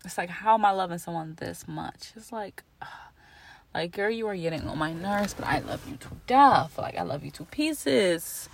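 A woman's voice: lowish voice, expressive, normal speed, creaky. A young woman hosting her own podcast, talking in a rambling, emotional way full of "like" and restarts. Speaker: podcast host. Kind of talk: casual personal monologue.

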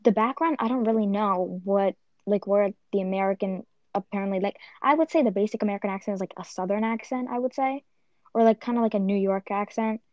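A woman's voice: medium pitch, fairly quick, a little mellow, dry recording, dull audio. A young woman chatting casually with friends, rambling with lots of restarts and fillers. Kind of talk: casual chat among friends.

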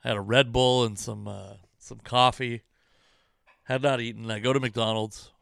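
An exasperated comedian rambles profanely at his own expense on the podcast he hosts from home. The close-miked recording is dry and echo-free, capturing a smooth, resonant voice of ordinary pitch that stays fairly even in intonation, moves at a moderate pace and sounds fairly bright.

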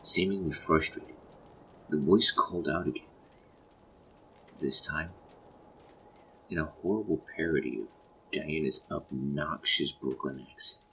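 Deep gravelly male narrator, slow measured delivery, rain and rumble noise behind. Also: bright, forceful tone, rough recording. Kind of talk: scripted horror narration.

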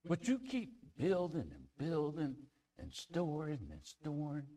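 A male pastor delivering a sermon at an unhurried pace. His pitch rises and falls widely as he moves between ringing declarations and hushed near-whispers. He reads scripture aloud and repeats words to build emphasis. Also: huge pitch swings. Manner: reads scripture aloud in King James wording.

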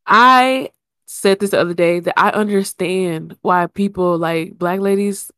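A woman's voice: mid-range voice, measured pace, fairly bright tone, clean tone, no echo, studio quality. A woman co-hosting a podcast in casual chat, blunt and emphatic. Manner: blunt, emphatic, rising indignation. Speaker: podcast co-host.

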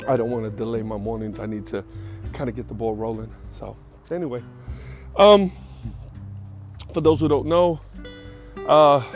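A man's voice: mid-range voice, darkish tone. A man hosting his own podcast in casual solo chat, rambling and correcting himself, a little out of breath. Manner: rambling, self-correcting, chatty. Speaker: podcast host.

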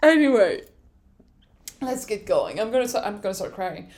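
A woman from France with a French accent, hosting a podcast in a casual, excitable explainer style that often breaks into laughter. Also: mid-range voice, normal speed. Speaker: podcast host.

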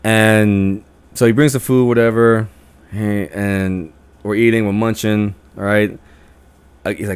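A man's voice: fairly low pitch, level tone, moderate pace, smooth. Profane young man telling stories. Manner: profane, acts out friends' lines in a raised voice. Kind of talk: casual storytelling.

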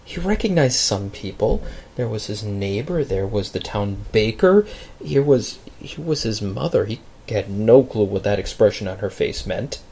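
Pastor narrating a sermon story, lively pitch, husky tone. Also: male voice, normal speed. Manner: dramatic, expressive storytelling with big pitch swings.

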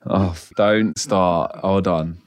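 Jokey low-voiced English podcast host. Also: male voice, steady tone, very slow. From England. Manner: jokey, laughs often. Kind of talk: casual chat.

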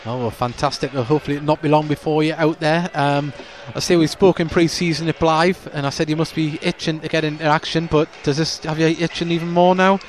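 A man's voice: on the high side, steady tone, a little fast, hardly any pauses. A man hosting a club podcast, giving chatty pre-match commentary from a stadium stand and stumbling a little over names.

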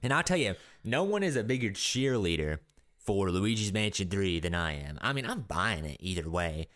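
Lively low-voiced young podcast co-host. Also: male voice, moderate pace. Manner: rambling, frequent restarts and laughs. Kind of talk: casual chat.

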